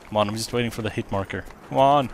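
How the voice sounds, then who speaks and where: A man's voice: on the low side, fast, background noise. A man giving casual let's play commentary, rambling and correcting himself as he goes. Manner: rambling, self-correcting, chatty. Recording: game audio behind voice, gunfire and vehicles. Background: game gunfire and explosions.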